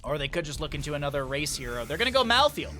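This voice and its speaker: Upbeat bright-voiced man casting esports. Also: fairly high pitch, big pitch swings, rapid-fire, soft background music. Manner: chatty and upbeat, cowboy-style greetings. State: out of breath. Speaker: esports caster and streamer. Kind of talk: solo esports commentary.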